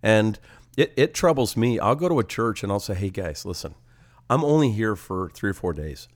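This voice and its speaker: An older man co-hosting a ministry podcast as an evangelist, talking casually, posing animated rhetorical questions with a slightly congested nose. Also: lowish voice, moderate pace. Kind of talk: casual chat.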